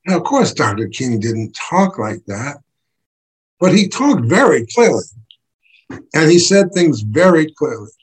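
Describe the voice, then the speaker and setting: A man giving an impassioned political talk as an activist writer, emphatic and building to forceful bursts. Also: on the high side, sing-song, a little slow, husky, rough recording.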